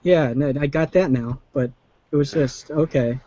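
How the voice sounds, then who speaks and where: A man's voice: fairly high pitch, moderate pace, warm tone, dry recording. A man chatting casually as host, rambling and acting out quotes in raised voices. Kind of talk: casual chat. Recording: dull lo-fi call audio.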